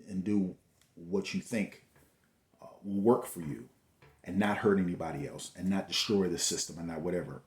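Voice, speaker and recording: A man's voice: on the low side, darkish tone. A man giving a motivational talk, preachy and repetitive, full of rhetorical questions. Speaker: host. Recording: echoey room.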